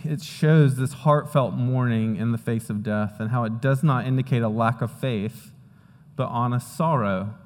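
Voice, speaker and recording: A pastor giving a sermon in a conversational way, often checking in with "right?" and "okay?". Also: male voice, mid-range voice, darkish tone, in a large hall, a little hiss or hum.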